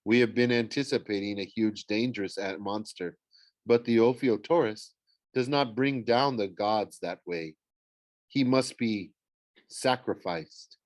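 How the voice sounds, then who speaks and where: A man's voice: fairly low pitch, unhurried, no room sound, close to an everyday voice. A man voicing a solemn young huntress girl who speaks in a formal, old-fashioned way. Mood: grave.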